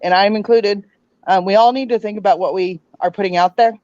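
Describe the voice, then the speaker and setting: A woman speaking as a panel guest on a casual livestream, earnest and halting with frequent restarts. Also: medium pitch, fairly even intonation, darkish tone, dry recording, lo-fi sound.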